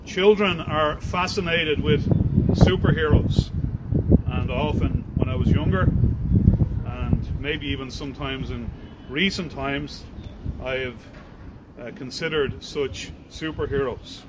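A man, a preacher, reading scripture aloud in a measured, formal way and then starting his sermon. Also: fairly high pitch, heavy background noise.

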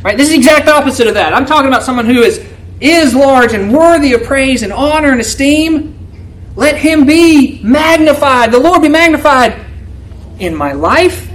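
A man serving as a church elder delivers an expository sermon with emphasis, frequently checking in with his audience by asking "right?" His delivery moves between loud pleading and soft, hushed asides, and the audio quality is poor.

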